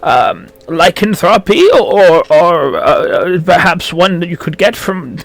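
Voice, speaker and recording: A fussy old gnome apothecary who stammers through his greetings, as a man puts him on. His voice sits high and leaps about, nervous and eager to help. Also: expressive, slow pace, gravelly, no room sound, soft background music, heavily acted. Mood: helpful.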